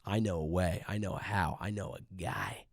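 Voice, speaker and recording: Man doing a shady male buyer, low muttered voice, hushed, conspiratorial, dry sound. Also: normal speed, gravelly, dry recording. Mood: sly. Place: hotel room.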